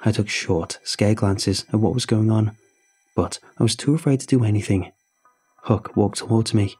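Male horror narrator, dark husky low voice, faint music bed. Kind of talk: scripted horror story narration. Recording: soft music underneath.

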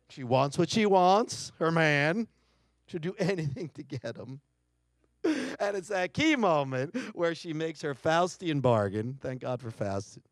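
A man's voice: mid-range voice, no echo, clean studio sound. A middle-aged man giving a keynote talk, telling a family story dramatically and acting out quotes. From United States. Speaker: keynote speaker. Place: lecture hall.

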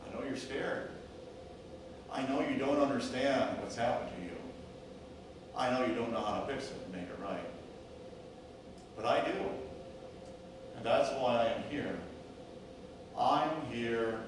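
A pastor voicing a gentle shepherd who comforts a hurt sheep slowly and calmly, in an echoey church from far off. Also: male voice, medium pitch, background noise. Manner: slow, calm, soothing reassurance. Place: church sanctuary.

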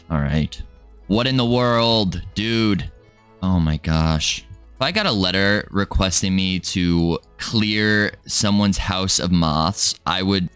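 A man's voice: low-pitched, fairly bright tone, clean tone. A man doing casual, joking gaming commentary as a let's play host, rambling and chatting to viewers.

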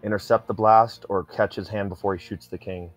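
A man's voice: on the low side, fairly even intonation, brisk, no echo, faint music behind. A man playing a tabletop role-playing game, talking intensely and aggressively with lots of swearing. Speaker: player.

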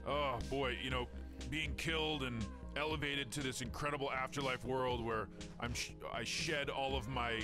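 A man's voice: mid-range voice, steady tone, moderate pace, close to an everyday voice. A man voicing a remorseful alien villain boss who rambles out apologies in a video game, over game music. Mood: sheepish. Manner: rambling, apologetic, self-mocking.

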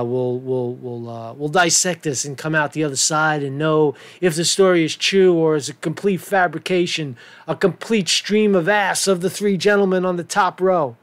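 Give me a sarcastic, foul-mouthed man riffing casually as a channel host, slightly high-pitched. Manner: sarcastic, profane, rambling. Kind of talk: casual commentary video.

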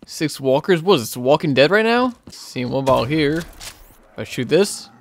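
A young man hosting his gaming channel, giving casual play-by-play commentary and getting excitable, yelling in frustration when things go wrong. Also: fairly high pitch, normal speed, a little hiss or hum.

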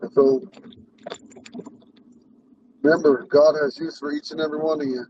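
A man's voice: fairly high pitch, fairly even intonation, moderate pace, far from the mic, muffled recording, slight background noise. A man with a lisp, a Ponca language teacher, talking in a rambling, earnest way while he drives. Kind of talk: casual talk while driving. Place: inside a car on the road.

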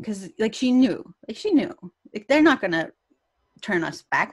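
A woman's voice: mid-range voice, unhurried, dry recording. A woman guest telling a personal story on a podcast, acting out quotes and laughing often. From Canada. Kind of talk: storytelling interview.

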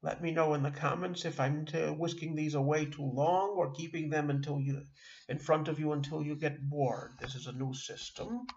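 A middle-aged man teaching a beginner language lesson online, halting often with fillers and restarting words. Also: on the high side, steady tone, creaky, darkish tone, lo-fi sound. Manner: halting, with frequent uh and self-corrections. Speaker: Yiddish teacher.

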